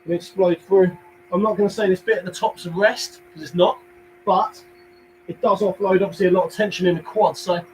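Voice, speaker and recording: A man's voice: high voice, a little mellow, slight background noise, low-quality recording. A young man with a London accent leading a live home workout class, counting down reps, cheering people on and cracking small jokes. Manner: upbeat, counts reps, jokey asides, cheers viewers on. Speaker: fitness instructor.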